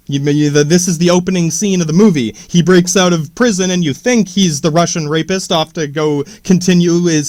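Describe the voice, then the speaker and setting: High-voiced, profane ranting man. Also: no echo, studio quality. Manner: profane, rambling, many restarts. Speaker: podcast host. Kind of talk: rambling podcast rant.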